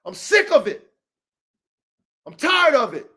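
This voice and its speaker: High-voiced man ranting profanely. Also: huge pitch swings, slow pace. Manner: profane, swings from low muttering to heated shouting; repeats and trails off into restarts. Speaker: podcast host and dog breeder. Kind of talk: rant to viewers.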